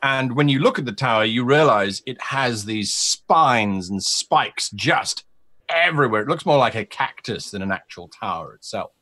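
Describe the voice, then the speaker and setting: A man voicing an excitable, scheming male carnival showman in a tabletop game, with high, clipped, broken phrasing. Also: normal speed.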